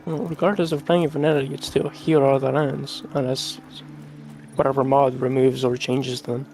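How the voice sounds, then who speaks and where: A man's voice: medium pitch, level tone, normal speed, darkish tone, faint music behind. A man chatting casually on a gaming stream, blunt and contrarian. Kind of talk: casual chat.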